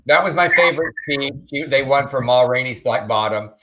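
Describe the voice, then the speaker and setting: A man from Texas co-hosting a casual news talk show, relaxed and a bit hesitant. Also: medium pitch, moderate pace. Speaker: podcast co-host.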